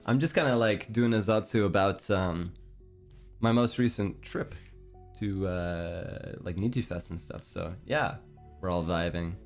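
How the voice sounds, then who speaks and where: Low-voiced Canadian man, meandering chat. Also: takes it slowly. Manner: meandering, hesitant, self-deprecating. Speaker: streamer. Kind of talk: casual chat. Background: faint background music.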